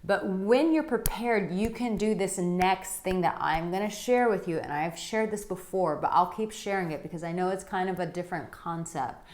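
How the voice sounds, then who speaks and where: A woman dating coach talking straight to her viewers, chatty and animated as she tells a personal story. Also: fairly low pitch, normal speed. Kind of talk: direct-to-camera advice vlog.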